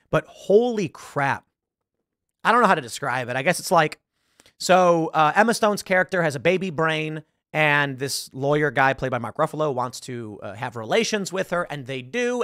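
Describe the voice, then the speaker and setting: On his casual talk show, a podcast host with a fairly high, slightly bright voice drifts through film commentary, searching online and acting out lines. The recording is dry and studio quality.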